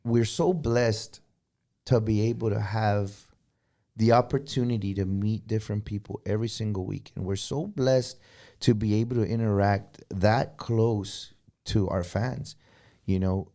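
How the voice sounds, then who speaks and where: A man, a guest musician, telling stories in a relaxed chat and dropping Spanish phrases in as he goes. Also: on the low side, measured pace. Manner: animated, drops Spanish phrases. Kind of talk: casual storytelling chat.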